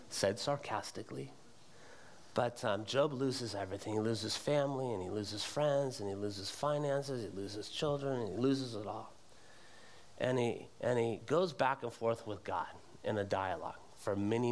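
A middle-aged man preaching a sermon in church, with animated delivery that climbs to emphatic peaks. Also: medium pitch. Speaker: pastor. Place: church sanctuary.

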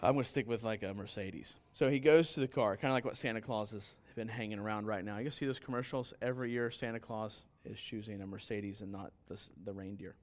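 A man's voice: a little fast, few pauses. A man preaching a sermon in a conversational way, telling stories and acting out their characters. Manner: conversational preaching with anecdotes and restarts; acts out story characters with sudden higher pitch. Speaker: pastor.

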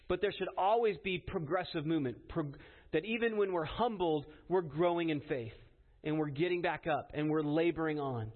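A man with a high voice preaches an earnest, emphatic sermon. He keeps asking his listeners "right?" as he drives each point home. The recording is narrow and tinny, like a phone line. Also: normal speed.

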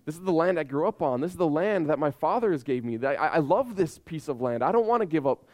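A man's voice: on the high side, expressive, fast, darkish tone, dry recording, dull audio, close to an everyday voice. A preacher voicing a stubborn man who hesitantly refuses to give up his inherited land. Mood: reluctant.

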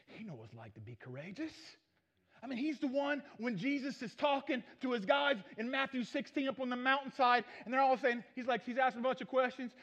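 A male preacher, retelling Bible stories in a lively sermon and acting out the characters in folksy voices. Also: very high-pitched, fast. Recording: dull muffled recording.

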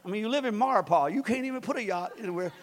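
A man preaching a sermon as pastor, plain-spoken and joking, building to shouts. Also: high voice, lively intonation, rapid-fire. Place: large church hall. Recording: live church recording with long reverb.

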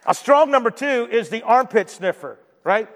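A man's voice: very high voice, lively intonation, normal speed, fairly bright tone. A man preaching a sermon as pastor, talking to the room in a conversational way and often asking the congregation "right?". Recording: long hall reverb.

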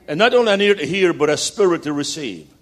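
A man preaching as a guest speaker, building to loud repeated declarations and slipping in jokey stories. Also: a little high, expressive, fast. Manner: jokey storytelling asides. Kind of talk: sermon.

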